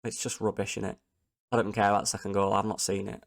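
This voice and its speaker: A man's voice: lowish voice, little pitch movement, fast talker, vocal fry. A man, a football fan vlogging an angry post-match reaction, repeating himself in exasperation.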